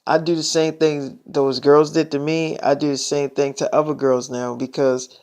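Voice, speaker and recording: A man's voice: fairly high pitch, flat delivery, moderate pace, darkish tone. A young man telling a personal story in a casual way, blunt and slangy with plenty of profanity.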